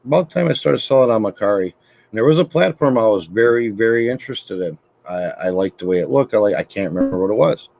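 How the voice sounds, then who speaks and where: A man with a fairly low voice, chatting casually as co-host of a hobby talk show. He tells his stories in a laid-back, amused way. The sound is dull and lo-fi. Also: animated, fast, gravelly, a little mellow. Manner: laid-back, storytelling with laughs. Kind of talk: casual chat.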